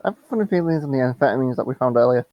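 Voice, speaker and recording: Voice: medium pitch, expressive, rapid-fire, no room sound, lo-fi sound. A co-player in a game session, making short reactions and dry asides. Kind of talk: casual let's-play chat.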